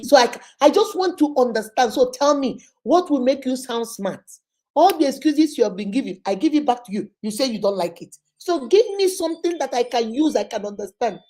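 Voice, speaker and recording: A woman's voice: fairly high pitch, lively intonation, brisk, dark tone. A Nigerian woman, a relationship counselor and host, telling a story and probing by repeating a person's words back in long lists. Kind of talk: storytelling advice talk.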